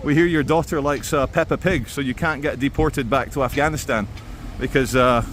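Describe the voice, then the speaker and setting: A man's voice: mid-range voice, normal speed, a bit bright, a little hiss or hum. A man, narrating a walking street vlog in a wry, sardonic tone. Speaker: street vlogger. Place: outdoors on city streets.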